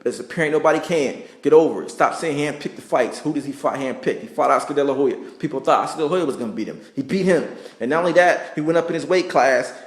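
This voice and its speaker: Fast-talking man in a heated rant. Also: fairly high pitch, reverberant. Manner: emphatic, repetitive, profane, argumentative. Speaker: vlogger ranting about sports.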